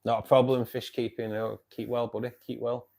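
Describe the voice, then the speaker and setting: A man's voice: medium pitch, little pitch movement, a little fast, creaky, darkish tone. Chatty Mancunian man hosting a stream. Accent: Mancunian English. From Manchester area, England. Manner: chatty, friendly, reads out viewer comments and greets them by name. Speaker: live stream host of a fish club. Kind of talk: casual live stream chat. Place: home by his fish tank.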